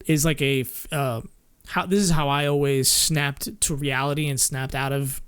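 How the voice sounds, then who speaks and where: A man's voice: mid-range voice, steady tone, normal speed, a bit bright, clear, resonant tone. A man streaming and chatting casually, rambling with lots of fillers, restarts and little laughs. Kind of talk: casual chat with chat.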